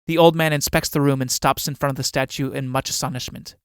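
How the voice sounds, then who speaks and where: A man reads stage directions in a play recording, in an even and measured voice. His pitch sits mid-range. The sound is dry and close, with no room around it. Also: clear, resonant tone, no echo. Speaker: audiobook reader.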